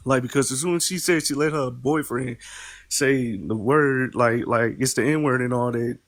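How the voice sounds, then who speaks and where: A male caller on a livestream chats casually in loose street talk. He swears freely and leans on "like" as a filler. His pitch sits in an ordinary middle range. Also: normal speed, fairly bright tone. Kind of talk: casual chat.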